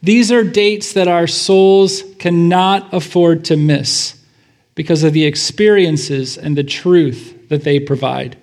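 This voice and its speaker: A man's voice: fairly high pitch, steady tone, takes it slowly, darkish tone. A man pastor giving a sermon in a church, praying and then preaching in a conversational way with fillers and asides.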